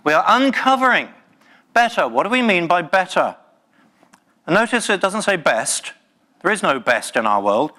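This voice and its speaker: A man's voice: on the high side, sing-song, normal speed, pauses often, bright, forceful tone. A man giving a live talk at a tech conference, passionate and emphatic, with playful jokes to the room. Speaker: conference speaker.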